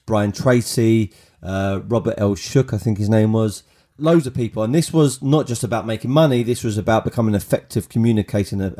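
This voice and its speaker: A man, telling personal stories as a podcast host in a chatty, animated way. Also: lowish voice. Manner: chatty, animated storytelling with many restarts. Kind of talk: storytelling monologue.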